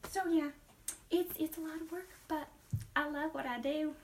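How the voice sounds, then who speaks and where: A woman's voice: sits high, fairly even intonation, a little mellow, far from the mic, a little hiss or hum. A woman doing a chatty Southern acting coach. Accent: put-on Southern US. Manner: brisk, listy, emphatic with sudden drops to a whisper. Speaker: acting trainer in a class skit. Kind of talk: comedic skit interview.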